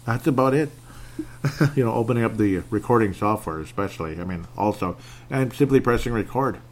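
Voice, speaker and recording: A man talks alone into his home podcast microphone, wandering from point to point and laughing at himself. His voice sits fairly low, and small lip smacks creep in now and then. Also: brisk. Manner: rambling, self-deprecating, laughs often. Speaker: podcast host. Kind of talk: casual solo podcast monologue.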